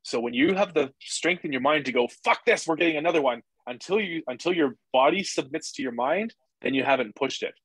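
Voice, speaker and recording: A man talking as a podcast guest, energetic and profane, acting out inner voices as he explains. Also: mid-range voice, brisk, hardly any pauses, slightly rough, dry recording, rough recording. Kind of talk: casual interview chat.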